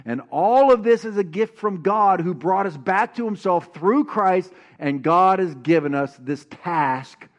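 A man preaching a sermon as pastor, telling a personal story and reading scripture, animated and calling on the congregation to answer back. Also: high-pitched, measured pace, hardly any pauses. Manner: animated, calls for congregation responses.

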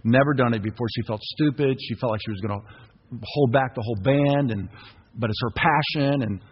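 Brisk and husky, a mid-range male voice preaches from a church sanctuary. This middle-aged pastor presses the congregation to call back his words, and the reverberant recording sounds dull.

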